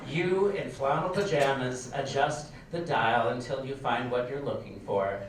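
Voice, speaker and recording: A man reading his nostalgic story aloud on stage in a large hall, with wry, expressive comic timing. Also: medium pitch, a little slow. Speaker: reader, storyteller. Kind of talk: live stage reading of a memoir. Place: large performing arts hall. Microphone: far camera. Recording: echoey hall from far off, faint noise.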